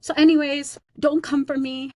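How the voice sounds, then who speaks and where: A woman with a fairly high voice vents straight to camera in a rambling, defiant vlog. Her talk is blunt and full of slang and fillers. The sound is dry and close, with no room echo. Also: little pitch movement, moderate pace, a little mellow. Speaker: teacher on leave. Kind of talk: casual vlog rant to camera.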